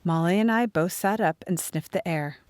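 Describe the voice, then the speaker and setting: A woman narrating a first-person storybook audiobook in an expressive reading. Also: lowish voice, moderate pace, no room sound.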